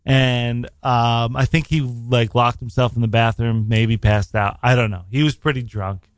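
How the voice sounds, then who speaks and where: With a mid-range voice and flat, unhurried delivery, this man co-hosts a casual New York podcast, telling wandering stories and laughing frequently. His tone is clean, and the studio recording has no room sound.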